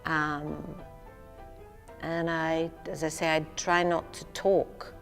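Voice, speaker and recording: An older woman, a singer and stage actress, talking candidly and self-deprecatingly in a relaxed interview, often laughing at herself. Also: low-pitched, slow pace, in a large hall, soft background music.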